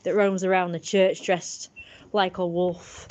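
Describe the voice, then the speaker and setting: A woman's voice: on the low side, flat delivery, a little slow, a little mellow, slight background noise. A woman, rambling casually in a vlog, swearing and chatty. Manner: swearing, chatty, laughing at own jokes. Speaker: vlogger.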